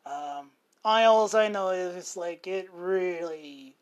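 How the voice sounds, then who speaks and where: A woman's voice: fairly low pitch, slow pace. Brief: woman podcast co-host, casual and crude, drifts between topics. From Montana, USA. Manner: rambling, crude joking, swears freely.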